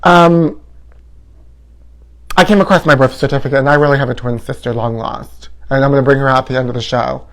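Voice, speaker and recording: A man's voice: medium pitch, steady tone, brisk, fairly bright tone. A man hosting a comedy show, delivering a campy, sassy and theatrical tabloid gossip monologue.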